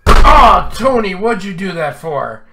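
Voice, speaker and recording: A man's voice: sits high, sing-song, slow, very noisy. Drunk, slurring man hosting a stream. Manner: effusive, giggly, rambling. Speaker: live stream show host. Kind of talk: casual live stream chat.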